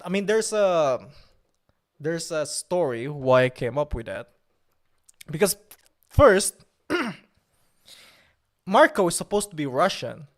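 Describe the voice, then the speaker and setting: A man's voice: a little high, big pitch swings, slow, long pauses. A man chatting casually on a live stream, joking and laughing at himself. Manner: joking, laughs often, self-mocking.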